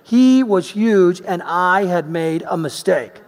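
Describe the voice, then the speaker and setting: Male preacher, high-pitched, lively storyteller who shifts from loud to hushed; large echoing hall. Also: slow pace. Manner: animated storyteller, swinging between loud emphasis and quiet asides. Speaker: pastor. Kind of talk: sermon with personal storytelling. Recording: long reverb of a large hall.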